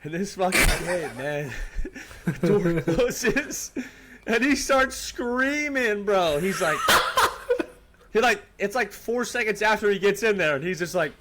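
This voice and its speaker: A man's voice: high-pitched, expressive, a little slow, very noisy. A man co-hosting a podcast, telling a story in a loose, profane way with lots of fillers. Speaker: podcast co-host. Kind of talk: casual chat.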